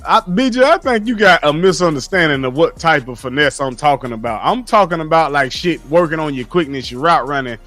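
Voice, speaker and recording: High-voiced man ranting bluntly. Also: animated, fairly quick, few pauses, a bit bright, faint music behind. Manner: blunt, profane, lecturing. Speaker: streamer reading live chat. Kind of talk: casual livestream rant.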